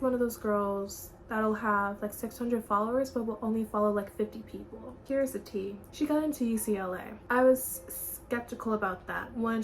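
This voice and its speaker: A woman's voice: mid-range voice, a little hiss or hum, rough recording. A young woman vlogging, telling candid, gossipy stories in a casual chat. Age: young adult. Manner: chatty, gossipy, candid storytelling.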